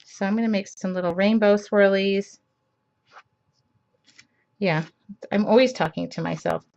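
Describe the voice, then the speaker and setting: Greeting viewers by name and talking to herself as she paints, a woman leads a casual live-streamed art class. Her medium-pitched voice is gravelly and darkish, her pace a little slow, and the computer mic leaves the audio dull.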